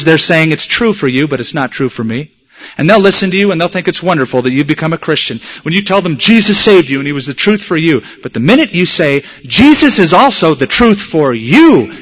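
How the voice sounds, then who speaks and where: A man preaching a sermon, stressing key words slowly and acting out quoted dialogue. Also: a little high, fairly bright tone. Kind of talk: sermon teaching on evangelism.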